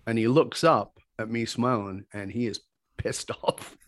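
A man speaks as an interview guest, a communication skills teacher recounting his experiences. His delivery is animated and emphatic, climbing into excited peaks as he retells exchanges. His voice sits in a middle pitch, recorded close and dry with almost no room sound. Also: measured pace, no room sound. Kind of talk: animated personal storytelling in conversation.

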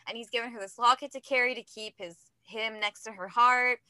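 A woman's voice: on the high side, fairly even intonation, a little fast, pushed and bright, clear, resonant tone, no echo. A young adult woman co-hosting a book podcast, talking in a rambling, giggly, self-mocking way. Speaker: podcast co-host. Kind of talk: casual chat.

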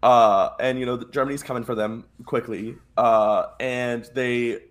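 A man co-hosting a podcast in relaxed, casual chat. He talks in a playful, animated way and slips into quoted voices as he retells scenes. His pitch sits in the middle. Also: measured pace. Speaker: podcast co-host.

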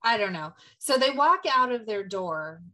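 A woman co-hosting a casual film recap in a bright, forward voice. She retells the scenes with animated energy and the odd casual swear. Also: medium pitch, a little slow. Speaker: podcast co-host.

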